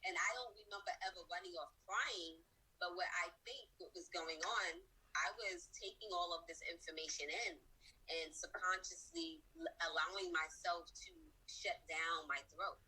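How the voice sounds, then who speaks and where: A woman's voice: lowish voice, expressive, normal speed, pushed and bright, breathy edge. Earnest woman, a bit distant from the mic. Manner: reflective, earnest, many filler words. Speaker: podcast guest. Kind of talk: casual conversation.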